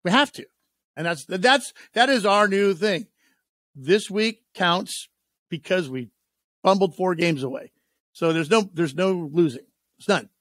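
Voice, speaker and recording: A man's voice: high voice, unhurried, fairly bright tone, dry recording, clean studio sound. A man hosting a sports radio show, chatting casually and telling stories with playful, joking energy. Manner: jokey, playful storyteller. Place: radio studio.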